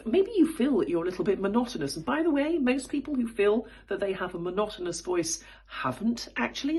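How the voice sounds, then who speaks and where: A woman coaching public speaking, who explains vocal technique in a thoughtful way and shows examples by moving her pitch from high to low. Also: a little mellow, husky. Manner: thoughtful, with frequent fillers and restarts. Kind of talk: spoken voice lesson.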